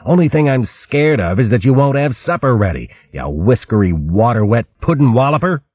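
A man's voice: medium pitch, very animated, normal speed, breathy edge, dull audio, voice pushed up. A man voicing a cheeky, boastful male mouse thief who jokes brashly and hurls comic insults. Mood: cocky. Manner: brash, jokey, name-calling.

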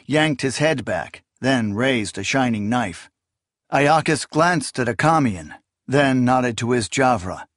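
Man narrating a dark fantasy audiobook. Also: mid-range voice, no echo, studio quality. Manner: steady, dramatic dark-fantasy storytelling. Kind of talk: scripted narration.

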